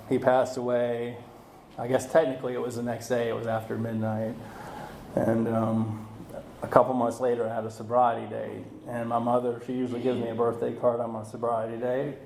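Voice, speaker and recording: A man speaking at a recovery meeting, telling his story in a halting way, full of fillers and restarts. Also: mid-range voice, monotone, gravelly, darkish tone, slight background noise. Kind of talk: personal recovery talk. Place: meeting room. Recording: echoey room recording.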